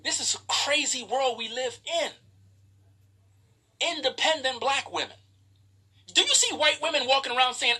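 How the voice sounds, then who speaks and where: A man's voice: very high voice, expressive, normal speed, long pauses, bright, forceful tone. A man preaching a profane, emphatic livestream sermon to women, scolding and mocking them. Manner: preachy, profane, emphatic, mocks others in quoted voices.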